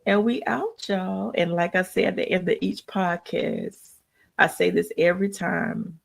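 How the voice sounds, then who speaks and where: A woman's voice: fairly low pitch, level tone, unhurried, creaky. A woman hosting a live podcast, speaking in an earnest, encouraging, preacherly way, with speech. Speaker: podcast host. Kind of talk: live podcast tribute talk.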